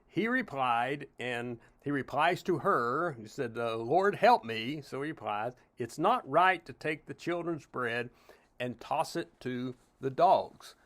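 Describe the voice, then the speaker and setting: A man's voice: medium pitch, expressive, takes it slowly, a bit bright. A middle-aged man from Tennessee, teaching a Bible study as a pastor in a conversational way, with frequent "uh" and "you know" asides.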